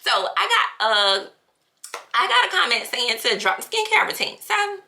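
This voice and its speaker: A woman vlogging at home in a chatty, lively way, full of slang and casual fillers. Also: extremely high pitch, moderate pace, creaky, noisy background. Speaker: family channel vlogger. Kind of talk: casual chat vlog.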